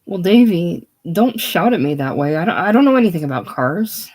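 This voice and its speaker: A reader voicing a gentle, devoted young woman in a casual play reading, with soft, tender delivery. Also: mid-range voice, moderate pace, lightly acted. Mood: tearful.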